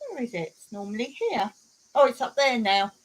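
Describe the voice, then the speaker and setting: A woman's voice: on the high side, expressive, moderate pace, low-quality recording. A woman hosting a casual live stream from home, telling jokes and reading viewer comments aloud with frequent giggles.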